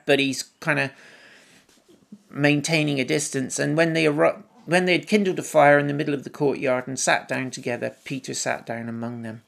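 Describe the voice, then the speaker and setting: A man preaching a sermon, reading scripture aloud and musing on it in a gentle, reflective way with soft asides. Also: on the high side, gravelly. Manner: reads scripture aloud, then muses on it.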